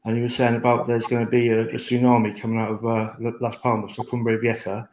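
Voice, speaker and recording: A man chatting casually, telling stories in a rambling, animated way with lots of restarts. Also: mid-range voice, fast talker. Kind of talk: casual chat. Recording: dull lo-fi echoey room.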